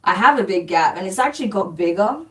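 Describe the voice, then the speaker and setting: A woman's voice: mid-range voice, expressive, fast talker, fairly bright tone. A woman hosting a spiritual live stream, chatting casually as she reads out comments, blunt and dismissive, swearing and laughing often. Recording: distant mic with faint background noise.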